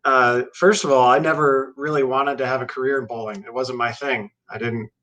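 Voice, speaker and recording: A man being interviewed as a guest, friendly and relaxed, trading jokes with the host. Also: medium pitch, brisk, rough recording. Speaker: guest, technical director. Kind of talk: casual interview talk.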